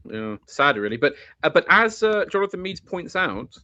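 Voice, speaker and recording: A man's voice: on the high side, very animated, moderate pace, sharp tone, no echo, muffled recording. A man hosting a podcast, chatting casually with a rambling, restart-filled delivery. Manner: rambling, many restarts and asides. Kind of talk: casual chat.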